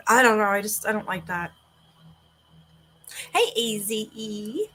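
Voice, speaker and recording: A woman in her forties hosting a relaxed livestream from her home, her voice sitting in an ordinary middle pitch. She rambles between reading aloud and chatting, dropping casual swears, all through a sore throat. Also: a little slow, pauses often, low-quality recording. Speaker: livestream host.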